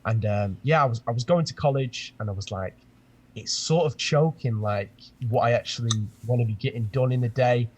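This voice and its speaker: Husky young British man, laid-back. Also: medium pitch, a little fast. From Britain. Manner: laid-back, filler-heavy explaining. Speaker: music producer guest. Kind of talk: casual chat.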